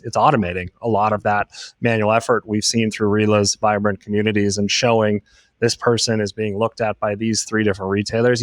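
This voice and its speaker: Guy hosting a relaxed panel, low voice, rambly questions, dry sound. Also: no echo. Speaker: podcast host and moderator. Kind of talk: casual panel chat.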